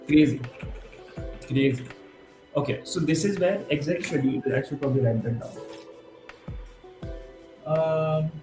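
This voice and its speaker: A man in his twenties streaming a live coding session, thinking aloud and getting excited, mixing in Hindi words. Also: fairly high pitch, quick pace, few pauses. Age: 20s. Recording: roomy with faint music behind.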